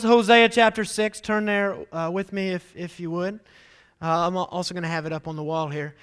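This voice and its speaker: High-voiced man preaching. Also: normal speed, clear, resonant tone. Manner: animated storytelling, acts out quotes loudly. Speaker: pastor. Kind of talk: sermon.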